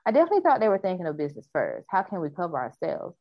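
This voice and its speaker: A woman with a lower voice reads news reports aloud on a casual talk show, then chats about them loosely. The recording is dull and a bit lo-fi. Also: wildly swooping pitch, racing, no echo. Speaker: podcast co-host reading news.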